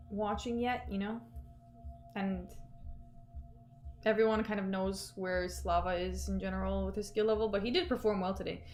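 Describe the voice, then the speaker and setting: A woman hosting a casual livestream, chatting loosely with many fillers and reading out viewer messages. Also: fairly high pitch. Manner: chatty, reads out chat messages, lots of fillers. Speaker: livestream host.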